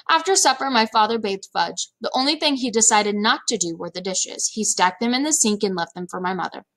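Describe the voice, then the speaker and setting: A woman reading a children's chapter book aloud in a lively, expressive storytelling manner. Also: mid-range voice, a little fast, hardly any pauses. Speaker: read-aloud narrator.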